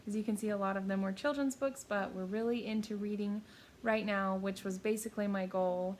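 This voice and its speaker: A woman's voice: medium pitch, steady tone, brisk, darkish tone, a little hiss or hum. Chatty woman vlogging a book haul. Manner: chatty, upbeat, many fillers and restarts. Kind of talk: casual book haul chat.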